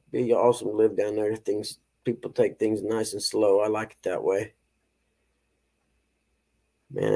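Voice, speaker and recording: A man's voice: fairly low pitch, mellow. A man in his fifties hosting a casual morning live stream, chatting with viewers in a laid-back way and chuckling often. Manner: laid-back, chuckling, reads chat aloud.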